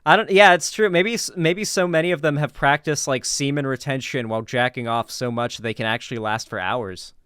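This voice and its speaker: Smooth-voiced man, rambling sarcastic commentary. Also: medium pitch, fairly quick, few pauses, fairly bright tone, no room sound, studio quality. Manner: rambling, many filler words, sarcastic asides. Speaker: commentary host. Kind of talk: casual reaction commentary.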